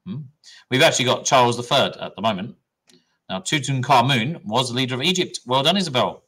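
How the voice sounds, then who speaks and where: A man's voice: medium pitch, animated, fairly quick, pushed and bright, breathy edge. A young adult man, a teacher running a classroom history quiz and giving pupils upbeat, encouraging praise.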